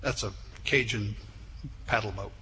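Man preaching, bright forceful voice, emphatic rises and drops, long hall reverb, faint background noise. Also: unhurried. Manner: emphatic, building to forceful peaks, then dropping low. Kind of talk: sermon.

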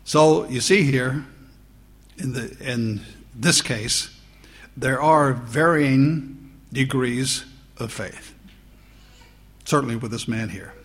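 A man preaching a sermon, teaching slowly through Bible verses and lifting his voice on the quoted lines. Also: mid-range voice, fairly bright tone, breathy edge. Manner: slow, deliberate Bible teaching with rising emphasis on quotes.

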